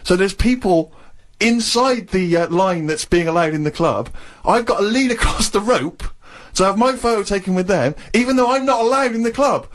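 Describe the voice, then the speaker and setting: A man's voice: high-pitched, animated, normal speed. A man telling a self-deprecating story on a radio show. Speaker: radio co-host. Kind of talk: casual radio banter, anecdote.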